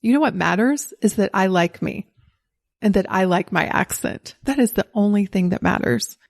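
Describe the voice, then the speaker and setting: A woman's voice: mid-range voice, animated, moderate pace, gravelly. Woman in her 40s, podcast host, neutral American accent with a faint Southern trace. Candid, encouraging, laughs easily. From Southern United States. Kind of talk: solo podcast monologue.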